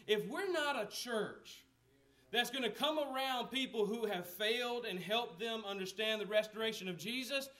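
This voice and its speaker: A high-voiced man preaches in a relaxed, conversational way. He asks the listeners questions and acts out the lines of the people in the story. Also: moderate pace. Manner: conversational preaching with rhetorical questions, acting out quotes. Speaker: pastor. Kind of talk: sermon.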